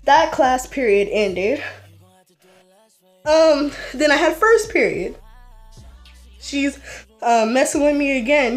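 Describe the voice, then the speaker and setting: A woman vlogger telling a story in a rambling, casual way, forever saying "like" and restarting her sentences. Her voice sits a little high, with soft music faint in the background. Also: takes it slowly, long pauses.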